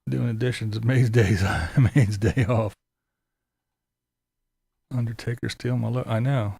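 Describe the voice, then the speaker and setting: A man's voice: mid-range voice, fairly even intonation, a little slow, gravelly, warm tone, breathy edge, dry recording. A man hosting a casual livestream, greeting viewers by name and chatting loosely. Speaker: livestream host.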